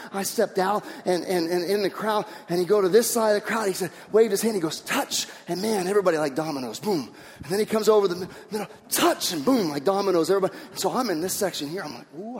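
A man preaching a sermon, telling stories in an animated way with many restarts and repeated words. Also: sits high, in a large hall. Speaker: pastor.

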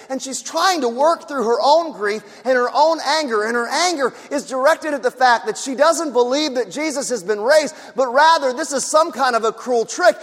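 High-voiced preacher in an echoey hall. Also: male voice, fairly bright tone. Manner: emphatic, repetitive preaching with rhetorical questions. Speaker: pastor. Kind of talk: sermon. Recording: echoey hall with long reverb.

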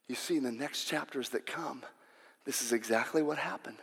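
A male preacher retelling a story in a sermon, restarting words and rising to shouted climaxes. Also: mid-range voice, moderate pace, gravelly, breathy edge, big-room sound. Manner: restless, repeats words, builds to shouting.

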